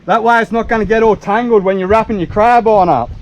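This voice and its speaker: An Australian man hosting a fishing vlog from a small boat, chatting casually in an excitable, drawling, folksy way. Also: high voice, fast. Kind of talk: casual outdoor vlog commentary. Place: small boat on open water.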